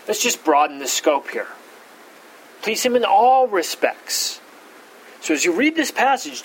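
A man with a fairly high voice leads a verse-by-verse Bible study. He hammers key words with sudden jumps in pitch and often backs up to restart a phrase. A faint hum of room noise sits under his voice. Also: fairly bright tone, rough recording. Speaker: Bible teacher.

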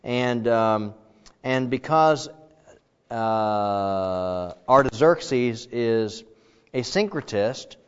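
A middle-aged man teaching a Bible class in a casual, animated way, acting out the quoted dialogue. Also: mid-range voice, drawn-out words, smooth. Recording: dull lo-fi sound with long reverb.

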